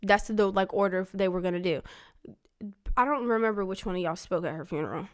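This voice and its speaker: A young woman with a smooth, clear voice tells a story to her father in an easygoing family conversation. She rambles, filling her speech with "like" and retelling what others said in quoted dialogue. Her voice sits at an ordinary middle pitch. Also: a little fast. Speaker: daughter talking with her father.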